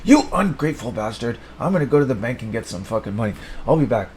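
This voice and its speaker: A man's voice: medium pitch, sing-song, quick pace, slight background noise. Rambling, profane improvising man. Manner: rambling, profane, swings between mumbling and shouting. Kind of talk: improvised absurd comedy monologue.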